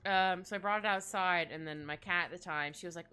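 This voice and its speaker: A woman's voice: a little fast, pushed and bright, clear, resonant tone, faint music behind. A young Canadian woman chatting casually with viewers while drawing on a livestream, rambling with many fillers. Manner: rambling, chatty, lots of fillers, acts out quotes in squeaky voices. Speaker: streamer.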